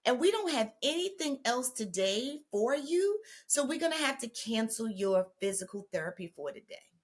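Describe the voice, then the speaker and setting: A woman's voice: on the high side, very animated, moderate pace. Woman host as a polite, matter-of-fact receptionist cancelling an appointment. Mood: apologetic.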